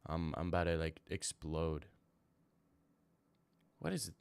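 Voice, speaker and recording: A brash young man talks casually on a livestream, answering his chat in loose, slangy bursts. His voice sits low, and the sound is dry and close with no room around it. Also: very animated, measured pace, vocal fry, a little mellow, smooth, no room sound. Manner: brash, trash-talking, slangy, rambling. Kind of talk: casual live-stream chat.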